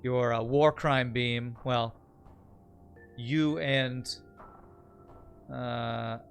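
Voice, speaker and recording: A man's voice: mid-range voice, fairly even intonation, extremely slow, faint music behind. Chatty male game streamer, joking. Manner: joking, chatty, thanks viewers mid-play. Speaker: streamer playing a strategy game. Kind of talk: casual live-stream commentary.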